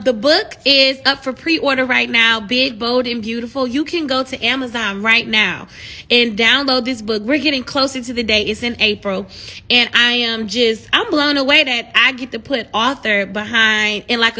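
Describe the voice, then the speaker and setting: A woman talking casually on a live stream, encouraging her viewers in an animated, preachy way that swells into excited shouts. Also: on the high side, normal speed.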